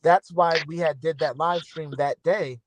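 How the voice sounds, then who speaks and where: A man's voice: a little high, steady tone, a little slow, a little hiss or hum. A man hosting a casual live-streamed podcast, chatty and laughing as he reads live comments. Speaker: podcast host.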